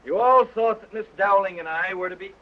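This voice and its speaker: Actor playing a brash, sardonic young suitor. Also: male voice, high-pitched, fairly quick, close to an everyday voice. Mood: mocking. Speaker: film actor. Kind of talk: 1929 early talkie acting. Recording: muffled early sound film with score.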